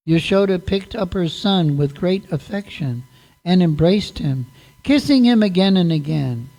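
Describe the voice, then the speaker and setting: A man tells a devotional story during a sermon. His pace is very slow and unhurried, and his tone is mellow and soft. He leaves long pauses between phrases. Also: high-pitched. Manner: slow, deliberate narration. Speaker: monk telling a devotional story.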